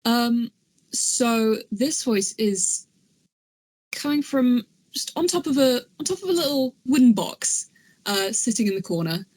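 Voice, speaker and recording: A woman player narrating a scene in a tabletop game, halting and searching for words. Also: a little high, expressive, a little mellow. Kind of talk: descriptive role-play narration.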